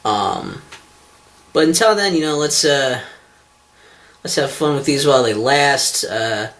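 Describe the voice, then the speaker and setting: Talking straight into the camera on his own online show, a male vlogger and host rambles with sarcasm and self-deprecation, swearing frequently and peppering his speech with ums and false starts. His mid-range voice is animated and fairly bright, and he takes his time.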